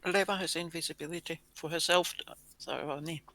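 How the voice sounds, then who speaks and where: A man with a high, very bright voice chimes into his gaming group's planning with short, agreeable answers. The sound is dry and close. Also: steady tone, fairly quick, no echo. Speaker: tabletop game player. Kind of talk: casual planning talk at the game table. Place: home, online voice chat.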